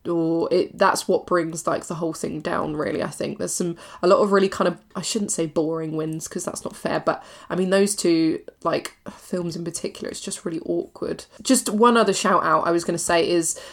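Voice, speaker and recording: A woman co-hosting a podcast in a relaxed, chatty way. Her voice sits a little low, and she talks loosely, full of fillers and the odd swear word. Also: moderate pace, few pauses. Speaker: podcast co-host. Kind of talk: casual chat.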